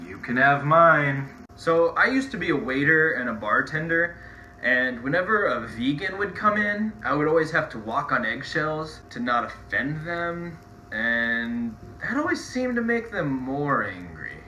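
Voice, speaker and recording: A man telling quick one-liner jokes and puns in a comedy video, often laughing at his own jokes. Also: on the high side, sing-song, bright, forceful tone, slight background noise. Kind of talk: joke-telling compilation.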